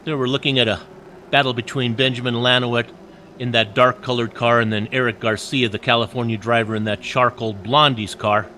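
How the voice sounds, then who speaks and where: A man's voice: medium pitch, steady tone, brisk, sharp tone, slight background noise. A man doing casual, joking color commentary on a sim race, chatty and full of asides.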